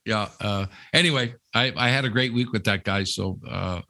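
Gravelly-voiced man rambling through a story. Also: fairly low pitch, normal speed, bright, forceful tone, dry recording, clean studio sound. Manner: rambling storyteller, many fillers. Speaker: podcast co-host. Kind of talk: casual chat.

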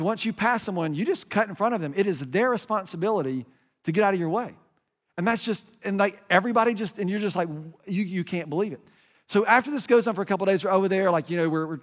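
An American man telling a travel story in a sermon, animated and emphatic, often restarting his sentences. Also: sits high. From United States. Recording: reverberant hall.

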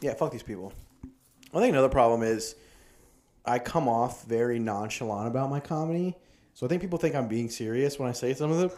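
A man in casual podcast chat, a stand-up comic trading stories. His pitch sits in the middle, and he talks loosely, swearing freely and slipping into quoted voices of other people. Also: fairly quick, darkish tone. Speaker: podcast host and comedian.

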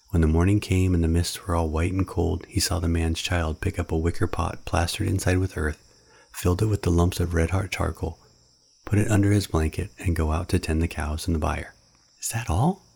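Man, storybook narration, very low voice, husky. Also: level tone, fairly quick, a little mellow.

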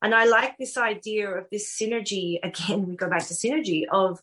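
Middle-aged aussie woman chatting on a podcast, lively storytelling, middle pitch. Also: brisk. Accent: Australian. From Australia. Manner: warm, animated storytelling with laughs. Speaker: guest author. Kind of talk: casual podcast interview.

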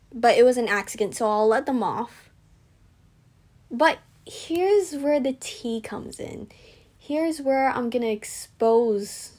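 A woman's voice: on the high side, darkish tone. A teenage girl chatting casually in a self-deprecating, rambling storytime vlog, venting with indignation. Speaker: vlogger.

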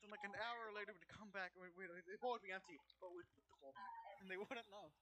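A man's voice: high-pitched, fast, noisy background. A teenage boy hosting a podcast, telling rambling, profane stories and acting out the people in them. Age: teens. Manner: rambling, profane, acts out quoted voices. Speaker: podcast host. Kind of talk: casual storytelling chat.

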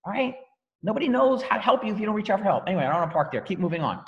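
A man leading a team training call, energetic and emphatic, repeating key phrases for effect. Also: high-pitched, very fast, big-room sound. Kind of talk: motivational training talk on a call.

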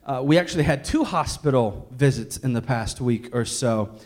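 A man's voice: medium pitch, lively intonation, normal speed, a little mellow. A man in his thirties, a pastor telling a candid family story in a sermon with jokes and restarts. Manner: candid, joking, many restarts.

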